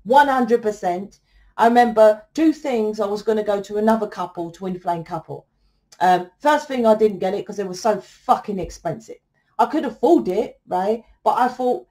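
A woman's voice: a little high, moderate pace, darkish tone. Blunt, sweary woman reading tarot. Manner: blunt, swears freely, keeps asking "right?". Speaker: tarot reader. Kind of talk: casual tarot reading to camera.

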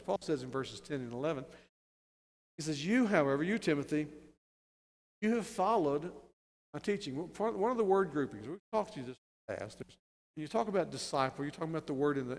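A man preaching a sermon as pastor, building to loud, emphatic, stressed phrases. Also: medium pitch. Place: church sanctuary. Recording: long church reverb.

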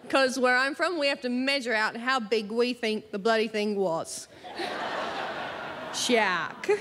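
A woman with an Australian accent performing stand-up comedy in a theatre, animated and jumping up into high exclamations. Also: moderate pace. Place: large theatre stage with live audience. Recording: reverberant theatre, faint background noise.

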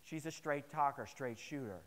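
A man preaching a sermon to his congregation, telling personal stories in an animated, humorous way. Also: mid-range voice, normal speed, big-room sound. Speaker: pastor. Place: chapel service.

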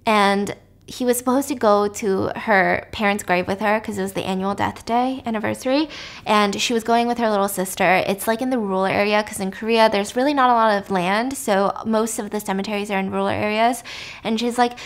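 A woman hosting a podcast, casually retelling a thriller plot with animated delivery that sometimes drops to a whisper for suspense. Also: medium pitch, fairly quick. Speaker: podcast host. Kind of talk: casual story recap.

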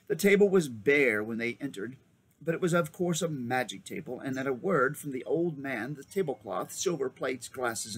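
A man reading a children's novel aloud with lively, expressive storybook narration. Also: medium pitch, husky. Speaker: reader.

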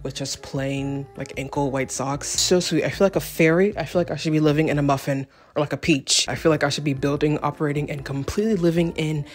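A woman's voice: low voice, fairly even intonation, brisk, few pauses, soft background music. A young woman talking casually through a fashion vlog, rambling and self-deprecating with jokey asides. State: out of breath. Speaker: fashion vlogger.

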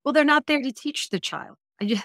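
A woman's voice: high voice, expressive, a little fast, a bit bright, no echo, studio quality. A woman speaking as a divorce coach guest on a podcast interview, earnest and emphatic, stacking her points in lists.

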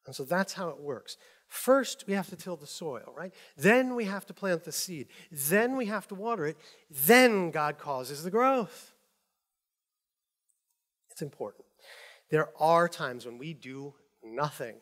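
A male pastor delivers a sermon with a high, bright voice that swings widely in pitch. He preaches conversationally, chuckling now and then and slipping into the voices of the people he quotes. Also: measured pace. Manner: animated storytelling, acting out quoted people, chuckling often.

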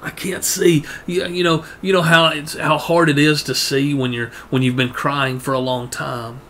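A man preaching a sermon, earnest, often repeating words and rising in pitch to press a point. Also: flat delivery, moderate pace, fairly bright tone, a little hiss or hum.

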